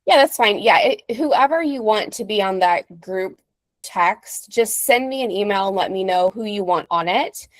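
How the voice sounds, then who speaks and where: A woman travel agent talking to clients on a video call, upbeat and chatty. Her voice is close and dry with no room sound, at a middle pitch. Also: lively intonation, normal speed, dry recording. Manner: upbeat, chatty, acts out little scenarios.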